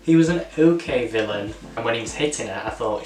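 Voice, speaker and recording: A man's voice: fairly low pitch, animated, fairly quick. A man hosting a casual movie review, talking enthusiastically and rambling with many fillers. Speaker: channel host reviewing a film. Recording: echoey room, distant mic, music. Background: music.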